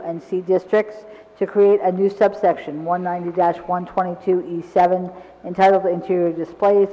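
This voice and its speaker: A high-pitched man with a mellow tone, reading ordinance titles as a council clerk in a brisk, formal way. The sound is dull, with a long echo from the chamber. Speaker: village clerk. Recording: dull recording in a large reverberant council chamber.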